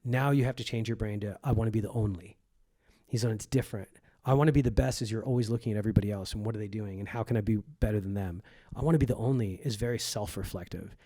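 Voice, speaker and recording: A man's voice: lowish voice, fast talker, warm tone, no room sound, clean studio sound. A comedian in his forties who grew up in Egypt, telling stories in a casual podcast conversation, acting out quoted voices and swearing freely. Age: 40s. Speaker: comedian guest.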